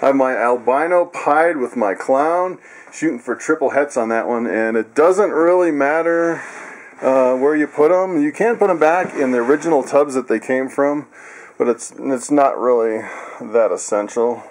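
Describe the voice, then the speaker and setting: A man casually walking viewers through his animals in a vlog, chatty and laughing often. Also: normal speed. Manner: coos in high excited tones at pets. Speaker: vlogger.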